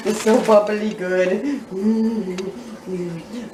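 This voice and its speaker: A woman hosting a home cooking vlog, talking casually, tasting food with drawn-out murmurs and cheeky, profane asides. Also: medium pitch. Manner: playful, cheeky and profane, savoring food aloud. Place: home kitchen. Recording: echoey room, mic at a distance, faint noise.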